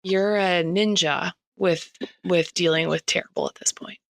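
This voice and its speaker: A woman's voice: on the low side, steady tone, unhurried, creaky, fairly bright tone. A woman in a casual phone chat, talking in a chatty way with many fillers. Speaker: podcast guest.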